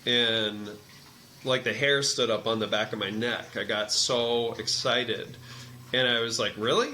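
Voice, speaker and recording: A man's voice: medium pitch, unhurried, a little hiss or hum. A man, a massage therapist and energy healer, telling a story in casual conversation and acting out the dialogue as he goes. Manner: animated storyteller who acts out quoted dialogue. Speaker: meditation teacher.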